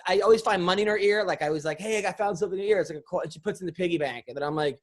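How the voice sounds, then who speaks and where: A man's voice: high voice, rapid-fire. A man hosting a podcast, telling rambling comic stories in casual chat, swearing freely and restarting his sentences. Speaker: podcast host.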